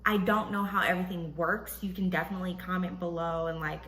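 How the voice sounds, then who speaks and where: A woman hosting a podcast, casually telling a personal story and acting out what others said in a higher voice. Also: fast talker, echoey room, slight background noise, low-quality recording. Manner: animated, acts out quotes in a high voice, laughs often. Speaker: podcast host.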